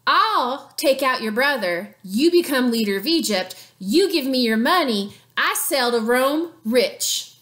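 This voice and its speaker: A woman's voice: high-pitched, expressive, a little slow, hardly any pauses, fairly bright tone. A woman playing a smug, power-hungry Roman ruler, boastful and flirty. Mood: smooth-talking. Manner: boastful, flirty, self-satisfied.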